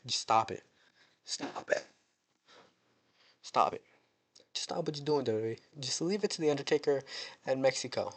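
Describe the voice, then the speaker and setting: A man's voice: medium pitch, animated, a little fast, fairly bright tone. A young American man hosting a casual wrestling recap, joking and rambling as he talks. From United States. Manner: joking, rambling, mock-dramatic. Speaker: wrestling show recap host. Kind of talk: casual chat.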